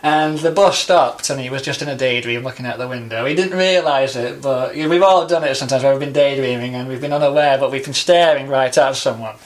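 A man's voice: medium pitch, fairly even intonation, fairly quick, hardly any pauses. A young man telling stories in casual chat, rambling with lots of fillers.

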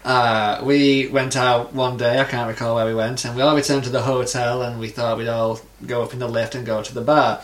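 A man's voice: medium pitch, flat delivery, a little fast, hardly any pauses, roomy sound, slight background noise. A man co-hosting a podcast, telling anecdotes in casual chat and acting out the voices of people in his stories. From England. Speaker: podcast co-host.

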